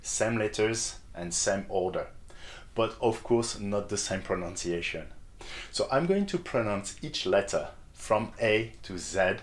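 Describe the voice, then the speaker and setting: Male teacher, unhurried, careful, encouraging delivery, slightly low pitch. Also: lively intonation. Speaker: French teacher. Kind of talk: language lesson. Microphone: camera framing on face.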